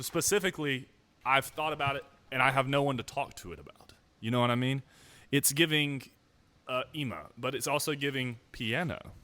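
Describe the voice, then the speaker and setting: A man's voice: mid-range voice, a bit bright, no echo. Young man, casual rambling vlog monologue, self-mocking, dry close recording. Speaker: musician vlogger.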